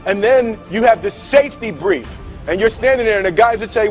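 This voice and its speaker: A man giving a humorous motivational talk, telling a story with animated delivery, acting out voices, often laughing and checking in with "right?". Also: high-pitched, fairly quick, soft background music. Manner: repeats words and tags lines with "right?". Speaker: speaker.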